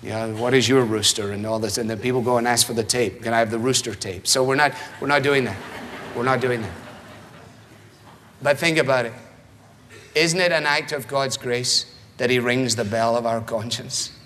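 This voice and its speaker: A man preaching a sermon in a rhetorical, animated manner, acting out the voices he quotes. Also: medium pitch, moderate pace, long reverb tail, slight background noise.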